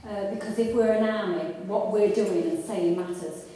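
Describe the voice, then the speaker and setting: A woman's voice: medium pitch, moderate pace, mellow, recorded from a distance, slight background noise. Fervent woman preaching in an echoey hall. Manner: earnest and conversational, with restarts and rising fervour. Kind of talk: sermon. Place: church hall with congregation.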